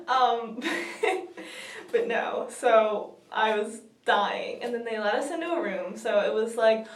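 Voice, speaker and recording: Giggly young woman, roomy and distant. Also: on the high side. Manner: giggly, gushing, fast with lots of fillers. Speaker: vlogger. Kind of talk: excited casual storytelling.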